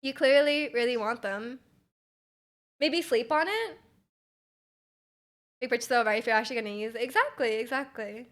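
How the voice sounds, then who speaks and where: Giggly high-voiced Canadian woman. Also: moderate pace, long pauses, a bit bright. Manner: giggly, rambling, many restarts. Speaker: streamer. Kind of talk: casual chat with viewers on a live stream.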